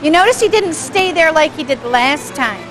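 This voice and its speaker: High-voiced chatty woman instructor. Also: expressive, moderate pace, fairly bright tone, faint music behind, low-quality recording. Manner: chatty, engaged, asks the audience questions, chuckles often. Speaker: dog behavior instructor. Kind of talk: live commentary on home video for a class.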